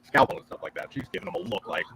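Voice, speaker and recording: A man's voice: very fast, bright, forceful tone. A man in casual chat while watching a film with friends, pointing out details and shots he likes. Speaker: movie reviewer at a watch party.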